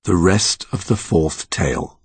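A man narrating a dark storybook with slow, highly dramatic delivery. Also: expressive, husky, dry recording. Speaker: audiobook narrator.

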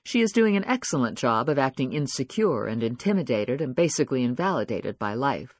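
This is scripted audiobook narration by a man at medium pitch, read in a measured and expressive way. The studio recording is clean, without echo.

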